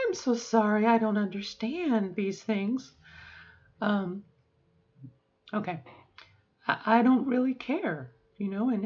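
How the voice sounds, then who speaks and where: A middle-aged woman rambles through a candid video diary, open and emotional, with the odd curse word. The sound is dull and lo-fi. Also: mid-range voice. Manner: rambling, emotional and frank, with swearing. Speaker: vlogger.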